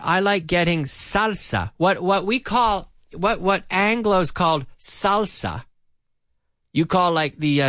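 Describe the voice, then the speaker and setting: A man's voice: sits high, no echo, clean studio sound. A middle-aged man teaching an English lesson, playfully drilling words by repeating them with a rhythmic da-da-da. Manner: playful, animated delivery.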